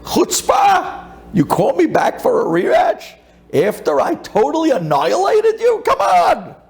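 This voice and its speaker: A man voicing a boastful, mocking male chess champion during sermon storytelling, with drawn-out, gloating speech. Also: wildly swooping pitch, vocal fry, full character voice. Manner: shouted, high-pitched gloating, drawn out.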